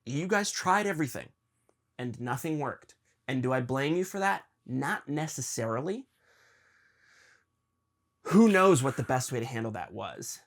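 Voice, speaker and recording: A young man hosting a podcast, talking earnestly and confessionally with his father, halting with ums and restarts. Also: medium pitch, lively intonation. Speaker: podcast host. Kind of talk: emotional conversation with his father.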